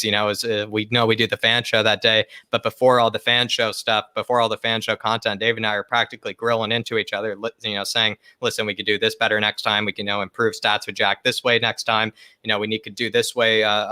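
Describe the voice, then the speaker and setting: Fast bright-voiced man, emphatic. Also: lowish voice, clean tone, dry recording, studio quality. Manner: emphatic, repeats phrases. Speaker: fan channel co-host. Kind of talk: casual live-stream chat.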